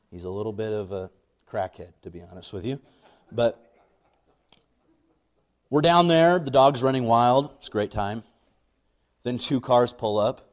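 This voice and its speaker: A young man, a pastor, preaching a sermon and telling a lively personal story. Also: on the low side. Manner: animated storytelling, rising when excited.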